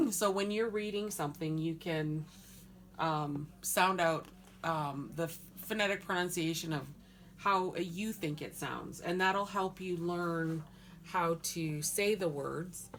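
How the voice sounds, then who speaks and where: Slow, patient woman teaching pronunciation. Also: on the low side, lively intonation, a little hiss or hum. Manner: sounds words out syllable by syllable, patient. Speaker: language teacher.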